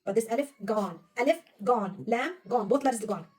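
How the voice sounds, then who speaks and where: A woman's voice: fairly high pitch, animated, normal speed, darkish tone, husky, distant mic. A woman teaching a young pupil to read Arabic, patiently quizzing her and praising right answers. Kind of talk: one-on-one reading lesson.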